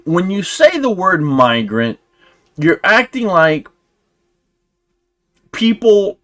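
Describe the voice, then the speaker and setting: Animated young man with a lively pitch. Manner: animated, sarcastic, talks in restarts and slang like "dude" and "bro". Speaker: commentary channel host. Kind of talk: casual reaction commentary.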